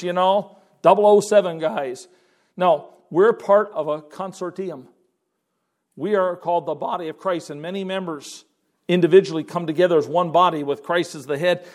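An older man preaching a sermon, animated, swinging between loud emphasis and quiet asides. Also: high voice. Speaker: pastor.

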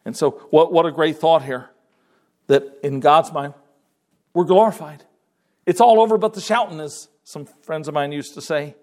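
An older man preaching a sermon, animated, swinging between loud emphasis and quiet asides. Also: on the high side, moderate pace. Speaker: pastor.

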